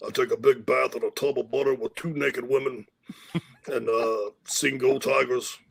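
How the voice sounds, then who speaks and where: A man's voice: medium pitch, flat delivery, normal speed, gravelly, breathy edge. A man doing a brash swaggering football coach. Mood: boastful. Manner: boastful, brash. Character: rowdy swaggering male football coach impression.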